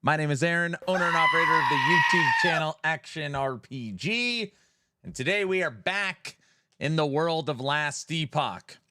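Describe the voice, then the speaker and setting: A man's voice: a little high, expressive, normal speed, sharp tone, slight background noise. A man hosting a live stream in a playful, jokey way, greeting viewers by name as he reads the chat.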